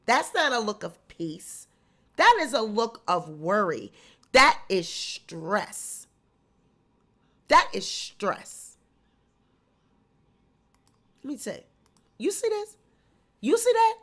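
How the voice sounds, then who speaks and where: A woman's voice: on the high side, huge pitch swings, slow, pauses often, a bit bright. A woman vlogger giving emphatic, mocking gossip commentary.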